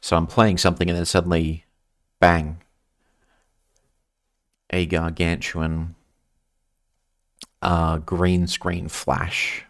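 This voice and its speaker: A man's voice: low voice, level tone, slow, long pauses, no echo, clean studio sound. An Australian man streaming a game, chatting casually and rambling while reading his chat aloud.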